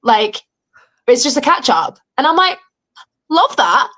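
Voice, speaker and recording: A woman's voice: sits high, unhurried. Chatty young English woman telling a story. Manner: animated, swearing, acting out quoted dialogue. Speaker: reality show contestant, guest. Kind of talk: casual storytelling in an interview. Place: home.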